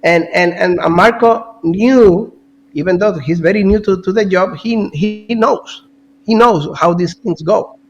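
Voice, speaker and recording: A man talking as a guest analyst in casual political commentary, animated, repeating words and now and then coughing. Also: high voice, a little slow, muffled recording, a little hiss or hum.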